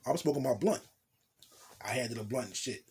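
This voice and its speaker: A young man from New Jersey casually telling a profane, animated storytime tale in street slang, acting out what people said. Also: medium pitch, brisk, slightly rough.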